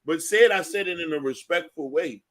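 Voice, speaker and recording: A man hosting a casual talk show, joking and animated, playing up mock fear. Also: a little high, brisk, crowd noise. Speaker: show host.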